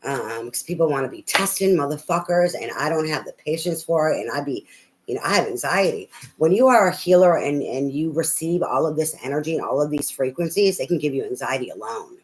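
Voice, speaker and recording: A woman's voice: low voice, animated, fairly quick, rough recording. A woman tarot reader on a live reading, talking bluntly and profanely in a rambling, ranting way with many fillers.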